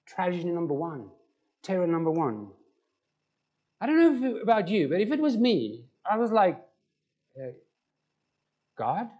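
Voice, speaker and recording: High-voiced preacher. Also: male voice, huge pitch swings, normal speed, pauses often, darkish tone, muffled recording. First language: Afrikaans. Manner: conversational, asks the congregation questions. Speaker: pastor. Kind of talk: sermon.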